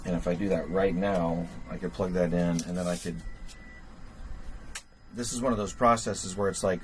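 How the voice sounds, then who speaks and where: A man with a low, steady voice hosts a livestream at a normal speed, leaving long pauses as he works on gear. He rambles in casual chat, thinking aloud with many fillers and chuckling at himself. The recording is low quality, with a little hiss or hum.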